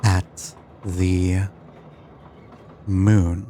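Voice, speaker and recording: Slow, low-voiced man running a tabletop game. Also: flat delivery, mellow, slight background noise. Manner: halting, restarts while describing, self-deprecating. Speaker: game master.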